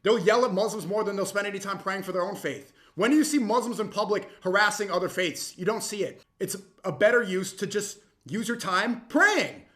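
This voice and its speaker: Young man, high-pitched, reaction commentary, heated, mocking, loud bursts. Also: brisk, few pauses. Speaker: streamer reacting to a clip.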